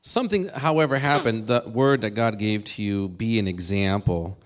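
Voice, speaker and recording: A man interviewing a church member, gently guiding her story with questions. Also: lowish voice, moderate pace.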